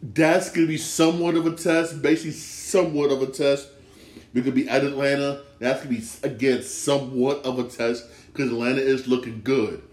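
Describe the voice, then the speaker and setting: A man's voice: mid-range voice, fairly even intonation, brisk, a little mellow, reverberant. A man hosting a casual solo sports talk show, emphatic and repetitive, circling back to the same points again and again. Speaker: sports podcast host.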